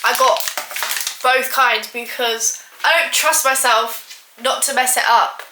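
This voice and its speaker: Baking vlogger, woman, slightly high voice, talks in rambling asides, roomy kitchen sound. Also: fairly even intonation, takes it slowly, noisy background. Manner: chatty, rambling, self-deprecating, full of "like". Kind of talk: casual chat to camera. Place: home kitchen.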